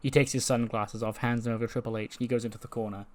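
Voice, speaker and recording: Man hosting a game channel, chatty recap, mid-pitched voice, laughs along. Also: steady tone, racing. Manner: chatty, laughing, recounts events. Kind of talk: casual game commentary.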